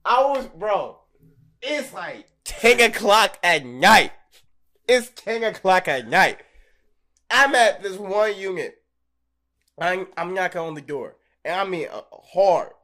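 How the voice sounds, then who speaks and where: A young man co-hosting a podcast, telling stories in a loose, animated way, swearing freely and laughing often. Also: high voice, slow pace. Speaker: podcast co-host. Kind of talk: casual chat.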